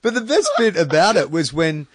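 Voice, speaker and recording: A man's voice: on the high side, big pitch swings, normal speed, background noise. An Australian man co-hosting a football podcast, telling stories in casual chat and laughing as he goes. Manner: laughs through his storytelling. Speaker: podcast co-host.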